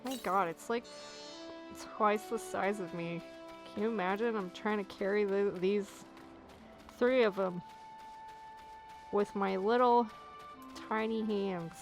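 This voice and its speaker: A woman's voice: mid-range voice, slow pace, pauses often. Lady streamer playing a game, giggly and jokey, medium voice, faint music behind. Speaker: gaming channel host. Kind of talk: casual let's play commentary.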